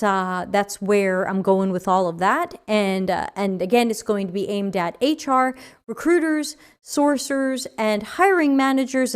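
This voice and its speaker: A woman's voice: medium pitch, clean tone. A woman with a New York accent hosting a livestream, chatting casually and reading viewer comments aloud with frequent fillers. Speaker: podcast host.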